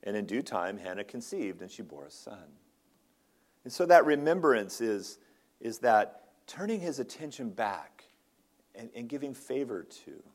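A man's voice: medium pitch, big pitch swings, measured pace. A man, a ruling elder, preaching an earnest expository sermon in a church, often restarting his phrases. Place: church sanctuary.

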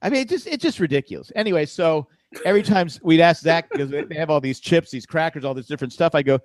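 A man co-hosting a casual podcast, with a slightly higher voice for a man. He jokes and rants in mock exasperation, recorded close and dry. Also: expressive, quick pace, no room sound. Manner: joking, exasperated ranting. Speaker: podcast co-host. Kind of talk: casual chat.

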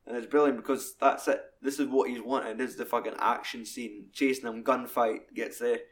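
Scottish man, young, podcast co-host: casual, sweary film chat in an everyday mid-pitched voice. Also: moderate pace. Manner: sweary, animated retelling with put-on voices.

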